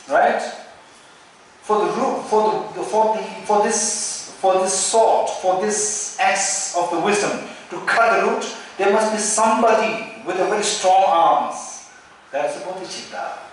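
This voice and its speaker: Male Buddhist teacher, Tibetan accent, keeps asking rhetorical questions, heard from a distance in a very echoey hall with faint hiss. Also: high voice. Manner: repetitive, rhetorical questions with "right?". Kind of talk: Dharma teaching.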